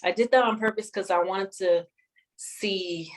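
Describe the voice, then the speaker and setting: A woman sharing a personal testimony in an interview, speaking in a measured, reflective way with many pauses. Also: mid-range voice, low-quality recording. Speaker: guest sharing her testimony.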